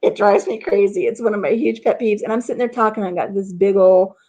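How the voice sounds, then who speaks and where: A middle-aged woman hosts a casual live stream from home, rambling from story to story, reading viewer comments aloud and laughing at her own anecdotes. Her mid-range voice is a little mellow and fairly even, and she talks fast. The highs in the audio are cut off.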